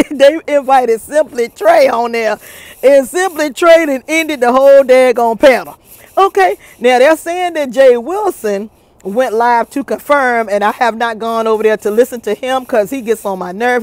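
A woman talking casually to her viewers in a gossip vlog, animated and chatty, recorded outdoors. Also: a little high, no echo. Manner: animated, chatty, laughs often, addresses viewers as y'all. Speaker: YouTube commentator.

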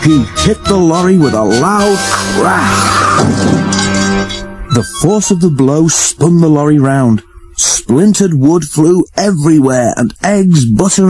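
Man narrator for a storybook, mid pitch, clear music underneath. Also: dry recording, rough recording. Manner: steady, storytelling. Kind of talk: storybook reading.

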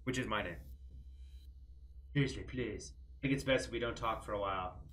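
A man's voice: fairly low pitch, brisk, a little hiss or hum. A young man streaming a game, reading its text aloud and reacting with casual, joking commentary. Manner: animated, jokey, swears casually.

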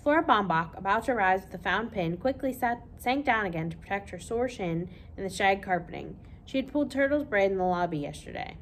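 A woman, a children's librarian, reading a children's novel aloud with expressive storytelling. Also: mid-range voice, brisk, few pauses, slight background noise.

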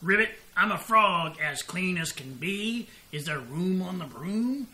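A woman voicing a cheerful storybook frog with a croaky voice. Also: lowish voice, animated, unhurried, pushed and bright. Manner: croaky, says ribbit. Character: cheerful clean male frog.

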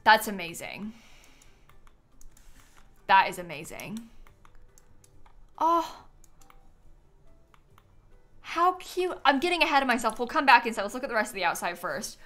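Woman, game streamer, casual live chat, bubbly, giggly, somewhat high voice. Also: very animated, a little slow, pauses often, pushed and bright, faint music behind.

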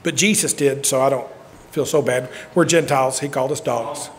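A man preaching a sermon, telling stories and swinging from shouts to quiet asides. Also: mid-range voice, fairly even intonation, normal speed, slight background noise. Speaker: pastor. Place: church sanctuary. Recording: long church hall reverb.

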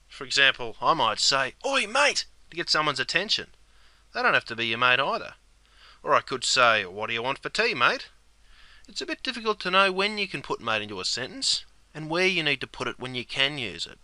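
A gravelly Australian man leads a comedic slang lesson with broad, matey deadpan. His voice is bright and sharp, and it swings widely in pitch. The sound is dry and close. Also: dry recording. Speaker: comic host explaining slang. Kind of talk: comedic scripted explainer sketch.

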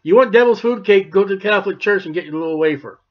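A man's voice: high voice, fast. A male pastor preaching a sermon, explaining scripture in a folksy, wry manner. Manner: folksy, wry Bible commentary. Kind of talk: expository sermon. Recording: dull lo-fi recording.

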